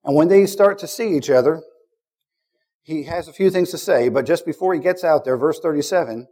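A man preaching a sermon, mixing casual asides with scripture readings and building to loud, emphatic repeated declarations. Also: a little high, brisk.

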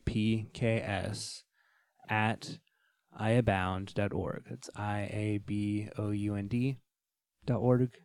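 Man, low voice, warm dark tone, halting with fillers, dry recording. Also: level tone, smooth, no echo. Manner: hesitant, many ums and uhs. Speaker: podcast co-host. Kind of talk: casual chat.

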